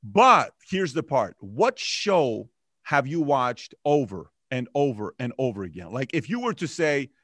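Stammering, animated male interview host. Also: medium pitch, unhurried, no echo, clean studio sound. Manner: stammering, repeats words, animated and pushy. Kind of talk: casual interview.

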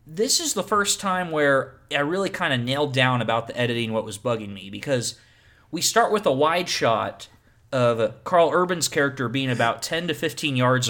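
A man chatting on a casual film podcast, picking apart a movie's editing. He talks in quick, playful bursts and gets animated when he makes a point. His pitch sits in the middle range for a man. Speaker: podcast co-host. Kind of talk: casual film-criticism chat.

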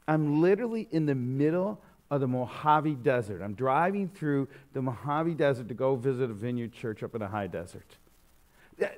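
A middle-aged man preaches in a loose, conversational way, full of asides and restarts. His voice sits a little high and swings widely in pitch as he tells his stories. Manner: animated storytelling, conversational with many fillers. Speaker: pastor. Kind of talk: sermon.

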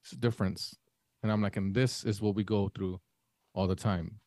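He has a darkish, lower voice and a steady tone, speaking at a moderate pace in studio-quality audio without room sound. A podcast co-host of Mexican family background, he spins a long, meandering story in casual conversation and acts out what people said.

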